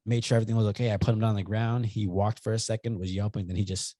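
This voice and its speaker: A young man co-hosting a podcast in casual chat, telling rambling, animated stories and swearing freely. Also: lowish voice, racing, no echo. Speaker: podcast co-host.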